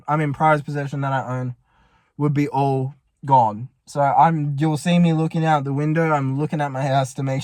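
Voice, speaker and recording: A slightly high male voice with no room sound belongs to a young vlogger in a parked car. He tells his story to camera in a rambling, panicky way, swearing heavily.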